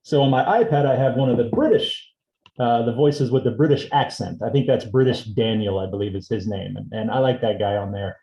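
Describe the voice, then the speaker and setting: A man teaching a seminar on assistive technology, explaining a device demonstration step by step in a relaxed way. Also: medium pitch, brisk, dull audio. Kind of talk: instructional demonstration. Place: indoor seminar room. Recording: roomy echo.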